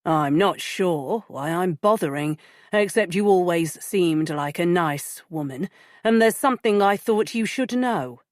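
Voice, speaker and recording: A woman's voice: lowish voice, expressive, measured pace, no room sound, studio quality. A woman reading an audiobook, voicing a secretive, insistent man who speaks sharply over the phone. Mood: urgent. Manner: sharp and clipped when irritated. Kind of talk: audiobook character voice.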